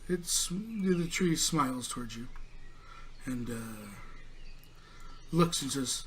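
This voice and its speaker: A man's voice: mid-range voice, animated, takes it slowly, fairly bright tone, slight background noise. A man narrating a tabletop game as game master, in a loose, rambling way with many fillers.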